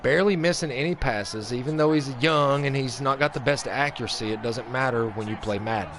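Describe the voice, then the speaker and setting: Man, gaming commentary, mock play-by-play, frustrated venting, average pitch, noisy recording. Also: a little fast. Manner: venting, swings between flat grumbling and excited outbursts. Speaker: gaming channel host.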